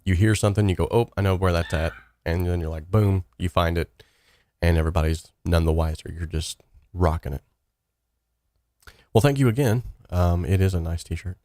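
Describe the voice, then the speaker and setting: A man hosting a live stream, casually reading and answering chat questions with rambling, energetic talk. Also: low-pitched, moderate pace, dry recording, clean studio sound. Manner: energetic, rambling, reads chat comments aloud.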